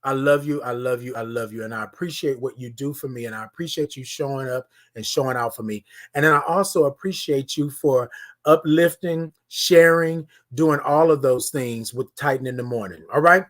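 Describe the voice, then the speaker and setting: A man hosting a live-streamed morning show, talking in a preachy, affirming way, repeating his lines and swinging from loud to hushed. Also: mid-range voice, moderate pace. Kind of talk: motivational live-stream talk.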